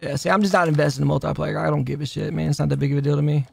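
A man's voice: on the high side, little pitch movement, very fast, creaky, slight background noise. A man chatting loosely while streaming a shooter game, swearing and joking with his teammates. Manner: loose, profane, laughing banter. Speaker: gaming streamer. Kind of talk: casual gameplay chat.

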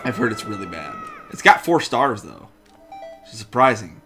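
A man's voice: lowish voice, big pitch swings, sharp tone, soft background music. Rambling, laugh-prone co-host guy. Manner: rambling, halting, laughs often. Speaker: let's play co-host. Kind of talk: casual chat, reading a walkthrough aloud.

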